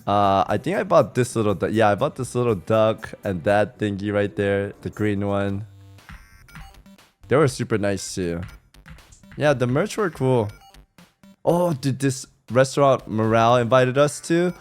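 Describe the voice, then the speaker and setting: A young California streamer with a fairly low voice recounts stories from a trip, unhurried yet animated. He talks in a casual, slangy way, swears now and then, and imitates his friends when quoting them. Soft music plays behind this casual storytelling vlog.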